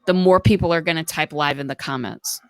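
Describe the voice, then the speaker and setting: A woman's voice: sits low, brisk, no room sound. An American woman co-hosting a live stream, giving earnest, practical advice with plenty of fillers. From United States. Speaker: co-host. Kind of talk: casual live-stream chat.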